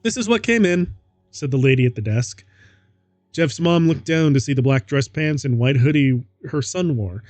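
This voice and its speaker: A man's voice: mid-range voice, moderate pace, a little mellow, dry recording, soft background music. A man streaming himself reading a story aloud, laughing at the text and adding mocking asides. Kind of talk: casual dramatic reading.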